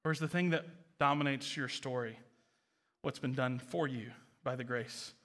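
A man preaching a sermon as pastor, earnest and building to impassioned, near-shouted passages. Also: mid-range voice, normal speed.

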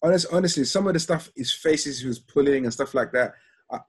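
A young man in a casual chat, making emphatic points in quick bursts. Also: mid-range voice, slightly rough.

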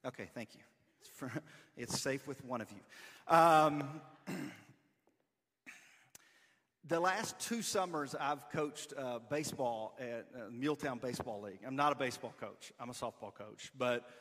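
A man's voice: medium pitch, measured pace, fairly bright tone, long reverb tail. A man, preaching a conversational sermon in casual, self-deprecating storytelling. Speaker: pastor. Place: church sanctuary.

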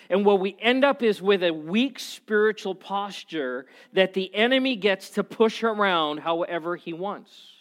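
A man preaching a sermon as a pastor, telling stories in an animated, conversational way. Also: high-pitched, measured pace, few pauses.

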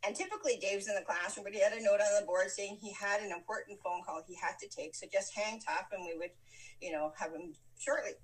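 Speaking quickly in a mid-range voice, a female guest recounts her life story during a casual chat. The sound comes from a distant mic, and she's animated throughout, laughing a lot and acting out what others said.

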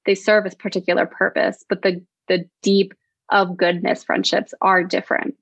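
A young woman co-hosting a podcast, speaking in a slow, reflective way with many fillers. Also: medium pitch, flat delivery, vocal fry, slightly rough, no echo. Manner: reflective, talks slowly with many likes and ums. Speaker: podcast co-host. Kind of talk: casual podcast chat. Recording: slightly muffled dry mic.

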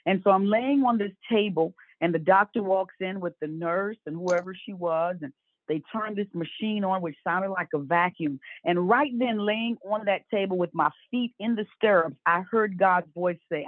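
A woman's voice: mid-range voice, normal speed, no room sound. A woman in her fifties giving an earnest personal faith testimony as a guest, acting out the voices she quotes. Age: 50s. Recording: dry, tinny phone-like line.

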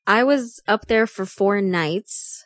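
A young woman recounting a trip in a loose, rambling storytelling way, filled with "like" and "um." Her voice sits at a middle pitch and sounds dry and close to the mic. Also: slow, fairly bright tone, no room sound. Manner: chatty storyteller, many fillers like "like" and "um". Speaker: podcast co-host. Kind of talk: casual chat.

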